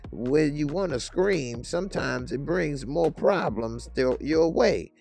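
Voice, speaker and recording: A man doing a slow measured old minister. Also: a little high, animated, creaky, darkish tone, faint music behind, pitched above the performer's own voice, full character voice. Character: older male religious minister, calm and measured.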